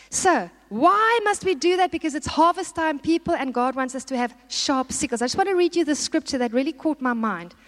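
A woman preaching a sermon, exhorting and putting questions to the congregation. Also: sits high. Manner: exhorting, asks the audience questions. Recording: long hall reverb.

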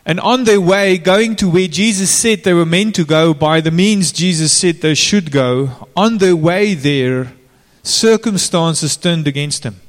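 A man's voice: fairly high pitch, unhurried, few pauses. A man preaching a sermon in an informal way, turning to the congregation with direct questions. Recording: long reverb of a large hall.

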